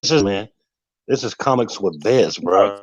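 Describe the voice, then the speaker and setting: A man's voice: on the low side, animated, measured pace, highs cut off. A man on a video call who asks blunt questions and calls people "bro" and "man". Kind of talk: casual video call chat.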